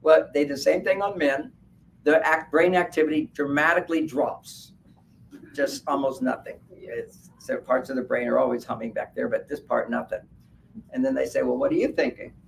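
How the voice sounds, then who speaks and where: Animated man talking from a distance. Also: mid-range voice, moderate pace, vocal fry. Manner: animated, laughs at his own points, acts out quotes. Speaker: speaker at a wellness fair. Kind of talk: live talk to an audience. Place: event room at a hotel fair. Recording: distant mic with faint background noise.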